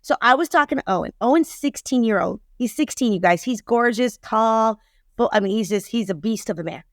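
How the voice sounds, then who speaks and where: A middle-aged woman, a relationship expert guest on a podcast, telling a story in a lively way and acting out quoted lines. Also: fairly high pitch, a little fast, dry recording, studio quality. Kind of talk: casual podcast conversation.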